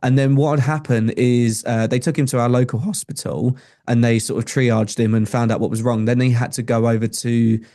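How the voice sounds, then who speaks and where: A man's voice: medium pitch, fairly even intonation, fairly quick, few pauses, dark tone. A young adult man, a podcast guest telling a personal story in an earnest, conversational way with frequent restarts. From England.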